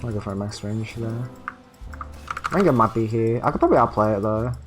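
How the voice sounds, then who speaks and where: A man streaming a video game, muttering about his play and bursting into frustrated shouting and swearing. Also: fairly low pitch, fairly quick, music in the background. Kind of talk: live game commentary.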